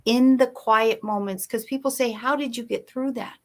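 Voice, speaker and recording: Brief: woman guest, bright higher voice, storytelling, emphatic, video call. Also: steady tone, normal speed. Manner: emphatic, storytelling, shifts pace for effect. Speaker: guest speaker. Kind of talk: motivational interview talk.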